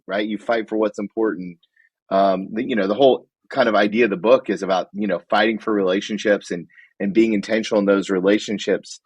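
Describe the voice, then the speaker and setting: A man's voice: on the low side, husky, dry recording. A man hosting a podcast, pushing his guest with follow-up questions in a casual interview. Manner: probing, pushes with follow-up questions. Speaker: podcast host.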